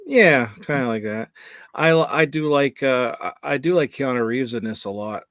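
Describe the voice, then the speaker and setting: A man's voice: mid-range voice, animated, moderate pace, fairly bright tone, no echo, studio quality. A man appearing as a guest in a casual movie review chat, hedging his opinions and laughing at himself.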